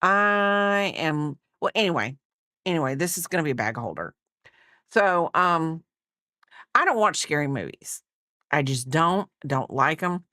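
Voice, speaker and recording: Low-voiced woman rambling chattily. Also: lively intonation, measured pace, pushed and bright, dry recording, studio quality. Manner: rambling, chatty, many fillers and asides. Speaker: crochet vlogger. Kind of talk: casual chat while crocheting.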